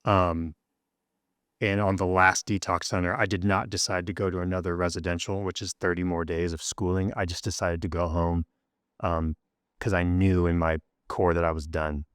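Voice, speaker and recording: A man with a lowish voice tells a raw personal story in a candid interview. He gets emotional and acts out the people he quotes, his pitch jumping up for their lines. The sound is close and dry. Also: flat delivery, moderate pace, fairly bright tone, clear, resonant tone, no room sound. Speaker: guest, rock drummer.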